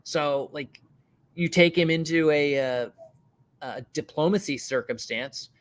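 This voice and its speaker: A man with a fairly high voice chats loosely on a stream, rambling through ideas with filler words and the odd curse. His talk is casual and animated. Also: measured pace. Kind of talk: casual chat.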